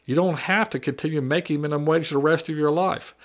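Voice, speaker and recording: Combative male political commentator, higher voice. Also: fast talker. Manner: combative, repetitive, mocking. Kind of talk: opinion monologue.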